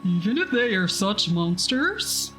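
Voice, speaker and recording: A woman voicing a nervous male alien merchant in a slow put-on accent. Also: medium pitch, sing-song, sharp tone, soft background music, rough recording. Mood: wary. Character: anxious male alien merchant from a small world.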